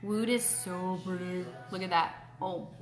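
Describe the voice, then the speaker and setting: A woman's voice: on the low side, steady tone, unhurried, faint music behind. A woman hosting a casual live makeup tutorial from home. She chats away and greets viewers by name. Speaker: beauty host. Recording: roomy echo.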